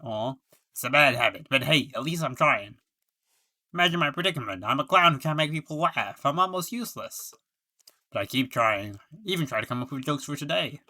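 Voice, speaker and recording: Brief: gloomy game clown, self-pitying, bright forceful tone, read by a man. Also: medium pitch, animated, fairly quick. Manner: self-pitying, laughs at own jokes. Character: washed-up sad male clown witness.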